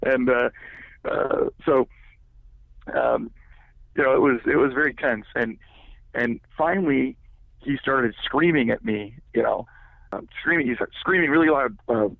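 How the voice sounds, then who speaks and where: A man recounts a personal story on a podcast, circling back on himself and filling gaps with stock phrases. His voice has a gravelly, creaky edge. It comes through a narrow, tinny, phone-like line with a dry sound. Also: mid-range voice, unhurried, long pauses, no echo. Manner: rambling, heavy with filler words. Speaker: guest.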